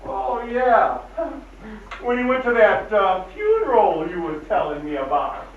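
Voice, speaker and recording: A man's voice: sits high, sing-song, measured pace. An actor playing a dry, mocking small-town sheriff in an old film, drawling his lines. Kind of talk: 1940s film acting. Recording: echoey, distant, dull old film soundtrack.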